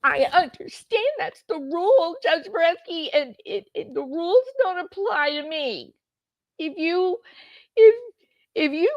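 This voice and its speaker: A woman's voice: a little high, slow pace, no echo, muffled recording. A woman putting on a whiny, self-pitying female defendant who breaks into mock crying. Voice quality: whining, tearful, mocking.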